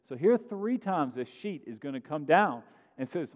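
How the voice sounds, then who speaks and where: A man preaching a sermon in a conversational style, growing loud on points of emphasis, in a large church sanctuary. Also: a little high, sing-song, moderate pace, lo-fi sound. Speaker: pastor. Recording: long sanctuary reverb.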